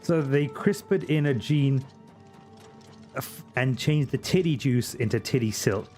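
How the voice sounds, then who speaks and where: A man's voice: mid-range voice, a little slow, warm tone, soft background music. Ranting man streaming games. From Britain. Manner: crude, ranting comic asides. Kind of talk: casual live-stream chat.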